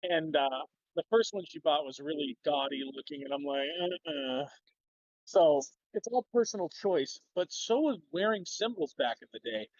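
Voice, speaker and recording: Guest, Minnesotan man, higher voice, dull dry call audio, rambling and profane. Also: expressive, normal speed, no echo. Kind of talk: casual livestream discussion.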